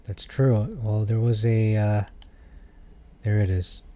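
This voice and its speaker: Low mellow-voiced man talking stocks. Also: slow pace, slight background noise. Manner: animated, exasperated asides, thinks aloud with fillers. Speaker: stock market video host. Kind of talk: casual commentary reading chat.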